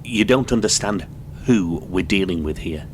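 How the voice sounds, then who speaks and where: A man playing a grown son who recounts his childhood in a halting, subdued way. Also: low-pitched, lively intonation, a little hiss or hum. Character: weary grown son of abused mother.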